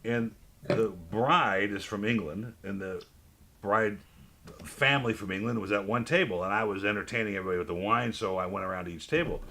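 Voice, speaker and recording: A man hosting a casual wine tasting chat, telling stories with lively asides. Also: fairly low pitch, brisk, vocal fry. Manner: storytelling, animated, laughing asides. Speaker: wine club host. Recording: noticeable background noise.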